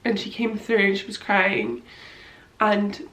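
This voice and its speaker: A woman's voice: medium pitch, slow pace, a bit bright, reverberant, rough recording. A young woman, tearfully telling a personal story to camera in a rambling way, full of fillers. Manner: rambling, many fillers, quotes her own thoughts. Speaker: vlogger.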